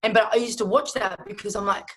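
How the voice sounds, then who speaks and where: A woman's voice: mid-range voice, steady tone, quick pace, fairly bright tone, husky. A young adult woman with an Australian accent, a professional boxer talking casually in an interview, rambling and swearing freely.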